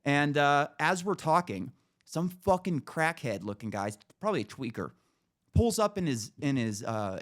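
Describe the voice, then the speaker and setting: A man with a higher-pitched voice, speaking at normal speed, co-hosts a podcast. He tells a story in animated, profane casual talk, acting out the dialogue.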